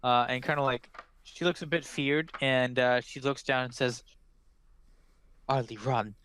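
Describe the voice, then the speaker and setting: A man's voice: medium pitch, fairly even intonation, moderate pace, fairly bright tone, a little hiss or hum, rough recording. A man narrating as game master of a tabletop game, loose and full of fillers.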